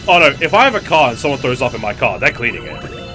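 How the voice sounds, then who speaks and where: A man's voice: medium pitch, big pitch swings, fast talker, over music. A young man chatting casually on a game stream, rambling with lots of fillers. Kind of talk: casual chat while gaming.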